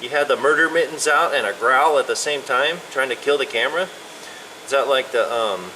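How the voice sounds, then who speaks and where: In a brisk, mid-range voice, a man coaxes the feral cat he cares for, filming it inside a building. His sing-song pet talk repeats its name and asks it playful questions, over a steady air conditioner hum.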